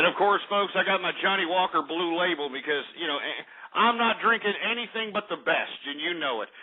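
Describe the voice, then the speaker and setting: A man's voice: high voice, slightly rough. Brash, crude man ranting on talk radio. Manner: brash, crude, rambling with many fillers. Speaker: radio show host. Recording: tinny phone-quality broadcast.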